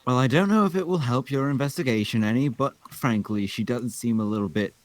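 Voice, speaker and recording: A man's voice: mid-range voice, brisk, no room sound, lightly acted. A man reading the part of a prim, gossipy older woman clerk in a table read.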